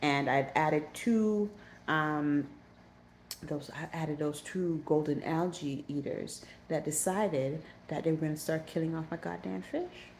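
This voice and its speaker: Woman, vlogger, casual storytelling, low voice, animated, repeats herself, faint background hiss. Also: unhurried. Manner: animated, repeats herself when recounting panic. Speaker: aquarium hobbyist vlogger.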